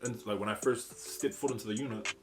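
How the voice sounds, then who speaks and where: A young New Zealand vlogger, his voice on the low side, steady in tone and fairly quick, tells a casual, slangy story over background music. He swears freely and acts out what people said.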